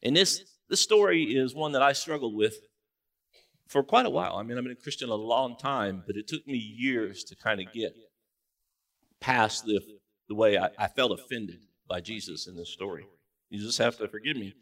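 A man preaching a sermon as pastor in a church, in a relaxed conversational way with joking asides. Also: medium pitch, moderate pace. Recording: distant mic in a church.

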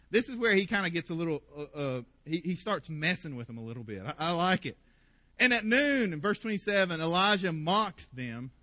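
A man delivers a lively sermon in a high, bright voice, playfully acting out the story's characters with a sarcastic edge. The sound is dry and close, with little room around it. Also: no echo. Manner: animated, playful, acts out quotes with sarcasm. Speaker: pastor.

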